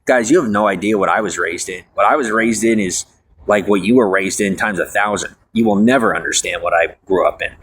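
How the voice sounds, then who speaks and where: A man's voice: on the low side, fairly quick, fairly bright tone, breathy edge, low-quality recording. A young man talking to viewers in a rambling monologue, full of fillers and restarts, preachy and defiant.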